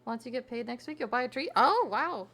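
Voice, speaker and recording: A woman's voice: on the high side, steady tone, quick pace, fairly bright tone. A young woman streamer chatting casually with her viewers while crafting, reading chat aloud and giggling often.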